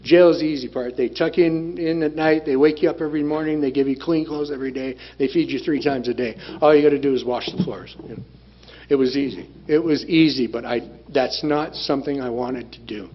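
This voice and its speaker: A man's voice: mid-range voice, fairly even intonation, fairly quick. Blunt, plain-spoken man telling his story. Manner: plain-spoken, blunt, repeats phrases for emphasis. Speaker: speaker sharing recovery story. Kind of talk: personal testimony talk. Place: meeting room. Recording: dull lo-fi room recording with faint noise.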